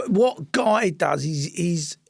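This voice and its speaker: A man's voice: high voice, expressive, slow, creaky, slightly rough, no echo, clean studio sound. A middle-aged man, an actor and director, speaking earnestly and emphatically in casual chat, often repeating his points.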